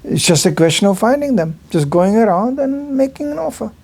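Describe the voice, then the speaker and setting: A man's voice: high voice, lively intonation, brisk, darkish tone, slightly rough. Older man telling stories in a talk. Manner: storytelling, acting out other people's lines in changed voices. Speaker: visiting lecturer at a temple. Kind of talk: informal religious talk with anecdotes.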